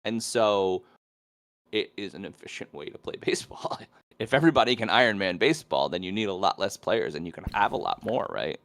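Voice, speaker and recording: A man's voice: deep voice, lively intonation, brisk, fairly bright tone. A man co-hosting a podcast, thinking aloud casually about sports with many "I mean"s. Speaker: podcast co-host.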